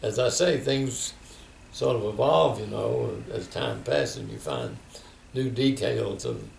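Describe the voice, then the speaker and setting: An older man tells his stories reflectively, giving voice to the people in them. His low voice is heavily gravelly and moves widely in pitch. It was recorded in a reverberant room with a faint hiss behind it. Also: very animated, measured pace, a little mellow, far from the mic. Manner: reflective storytelling, quoting others. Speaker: interviewee. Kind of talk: oral history interview. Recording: echoey room, faint background noise.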